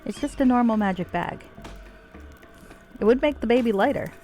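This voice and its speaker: A woman's voice: fairly high pitch, moderate pace, dark tone. A woman streamer casually chatting while playing, sweary and self-mocking, with faint game music behind her. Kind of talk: casual gameplay commentary.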